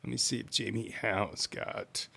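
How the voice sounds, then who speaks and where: A man's voice: fairly low pitch, steady tone, a little slow, gravelly, sharp tone, husky. A man hosting a live stream, reading community forum posts aloud with playful asides and bits of hype.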